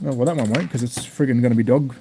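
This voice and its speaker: A man's voice: mid-range voice, noisy background. Sweary Australian man, casual and blunt. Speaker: slot car channel host. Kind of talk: casual live-stream unboxing chat.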